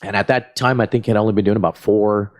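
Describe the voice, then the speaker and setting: A guest comedian tells long, casual stories, swearing freely and dropping into quick impressions of the people in them. His voice is slightly low, and his pace is relaxed and meandering, giving the retelling a profane, animated feel.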